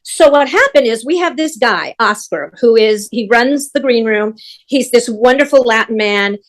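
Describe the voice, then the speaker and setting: A woman's voice: a little high, normal speed. An older woman, a guest who works as a stage manager, telling backstage stories in casual chat and acting out what other people said. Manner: animated, acts out other people's lines. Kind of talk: anecdotal storytelling in casual chat.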